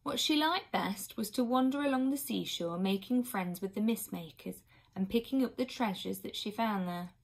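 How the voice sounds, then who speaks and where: A woman reading a children's book aloud expressively, now and then pausing for an aside to her listeners. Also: mid-range voice, vocal fry. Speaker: reader.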